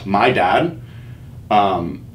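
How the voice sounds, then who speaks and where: A man's voice: on the low side, expressive, extremely slow. Male podcast host, candid and profane, casual storyteller, echoey room, faint hiss.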